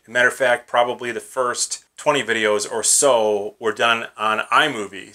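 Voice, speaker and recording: Bright-voiced upbeat man hosting a vlog. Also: mid-range voice. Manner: upbeat, chatty, filler words like "kinda" and "uh". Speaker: YouTube channel host. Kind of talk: casual Q&A vlog. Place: small home studio with gear bins behind.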